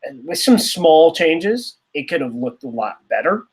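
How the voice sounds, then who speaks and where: Rambling sarcastic podcast co-host. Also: male voice, on the high side, sing-song, a little slow. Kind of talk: casual chat.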